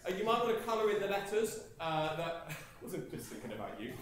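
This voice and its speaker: A man's voice: on the high side, big pitch swings, fairly quick, a crowd in the background. A man leading a morning church service, joking with the congregation in a playful, chatty way with many fillers. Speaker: preacher. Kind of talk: lively church service talk. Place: large church hall with congregation. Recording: echoey church hall with congregation.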